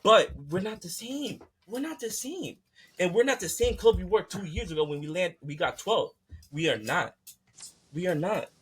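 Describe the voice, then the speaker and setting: Heated man, husky and bright. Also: high voice, lively intonation, normal speed. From United States. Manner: fired-up, profane, repetitive ranting. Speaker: podcast host. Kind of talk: heated casual rant.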